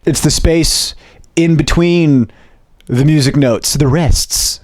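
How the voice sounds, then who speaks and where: A young male comedian talks straight to camera in a quick, lively stream, dropping curse words and sarcastic asides. His voice sits a little high for a man and sounds close and dry, with no room echo. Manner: fast, animated delivery with profane jokey asides. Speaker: stand-up comedian and video host. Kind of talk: casual comedy commentary to camera.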